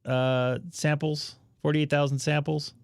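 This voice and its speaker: A man hosting a casual live stream about amateur radio, chatting to viewers while he troubleshoots his setup out loud. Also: a little high, little pitch movement, a little slow, gravelly, smooth, no echo.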